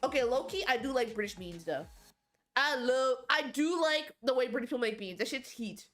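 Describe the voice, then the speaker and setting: A woman's voice: high-pitched, animated, moderate pace, a bit bright, soft background music. A young woman streaming live, chatting casually and animatedly with her chat, swearing freely and restarting her sentences. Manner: talks to chat, frequent fillers and restarts.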